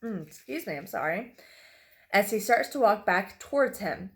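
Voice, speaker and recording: A woman's voice: mid-range voice, expressive, moderate pace. A woman reading a horror story aloud, narrating with occasional slips she apologizes for.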